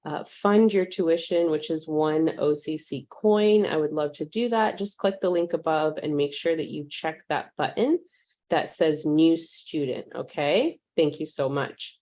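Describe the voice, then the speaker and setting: A woman teaching a live virtual class, warmly greeting attendees by name and speaking with frequent ums. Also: low-pitched, unhurried. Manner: uses fillers like um. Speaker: online course instructor.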